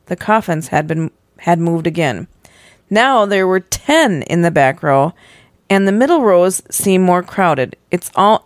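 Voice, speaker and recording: A woman's voice: no echo, studio quality. A woman hosting a podcast, reading a spooky choose-your-own story aloud with playful dramatic emphasis. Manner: reads with playful dramatic emphasis, pitching up for the child's lines. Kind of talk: animated story reading with voiced characters.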